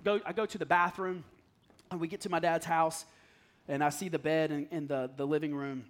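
High, lively man preaching a candid sermon. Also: brisk. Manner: candid, swings from hushed to loud and pleading. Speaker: pastor. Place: church hall.

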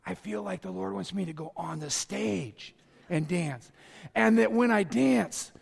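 A man's voice: high-pitched, unhurried, gravelly, husky, pitched below the performer's own voice, heavily acted. A man doing a pushy, self-important churchgoing woman. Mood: insistent. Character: earnest woman churchgoer set on dancing on stage. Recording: long reverb of a large hall.

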